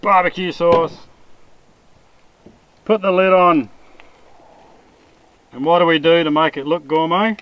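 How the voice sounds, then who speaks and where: A man's voice: a little high, slow, pauses often, muffled recording, slight background noise. An Australian man hosting a casual camp cooking vlog outdoors, joking and laughing at himself. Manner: joking, laughs often, self-mocking. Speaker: vlog host. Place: outdoor campsite by a fire.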